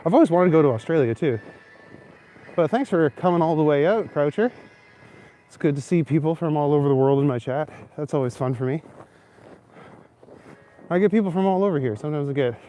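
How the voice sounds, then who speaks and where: A man's voice: on the high side, animated, fairly quick, long pauses, warm tone, a little hiss or hum. A young man hosting a casual live stream while walking snowy city streets at night, chatting and answering viewers' comments. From Canada. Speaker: livestream host. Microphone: phone camera, held while walking.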